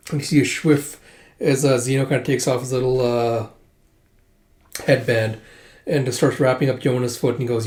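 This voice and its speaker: A man with a mellow, dark voice talks his way through a manga volume. He reads the characters' lines aloud with sudden jumps in energy, filling the gaps with lots of "like" and "uh". The sound has a roomy echo around it. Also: mid-range voice, moderate pace, long pauses. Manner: animated, voices characters in bursts, many fillers. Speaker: manga reader. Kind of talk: casual manga readthrough, reading lines aloud.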